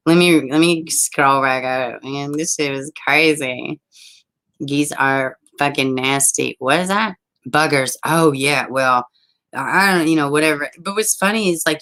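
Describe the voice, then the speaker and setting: Woman, low-pitched voice, livestream host, casual storytelling, swears freely, laughs a lot. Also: rough recording. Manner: animated, profane, laughing often.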